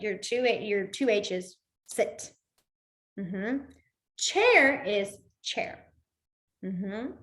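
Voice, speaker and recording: A young woman teaching a beginner sign language class over a video call from home, chatty and rambling, her voice dropping low and quiet as she shows each sign. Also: reverberant. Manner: chatty, drifts into asides, trails off quietly while demonstrating signs. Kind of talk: casual online class instruction. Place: room at home with a window. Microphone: computer mic on a video call.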